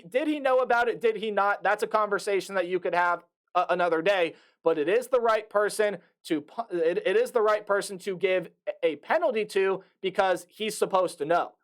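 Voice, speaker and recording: A young man, a college student, giving casual sports commentary with lots of fillers, restarts and repeated phrases. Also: high-pitched. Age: young adult. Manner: animated, repeats himself, many fillers and restarts. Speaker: sports vlogger. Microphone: desktop USB mic.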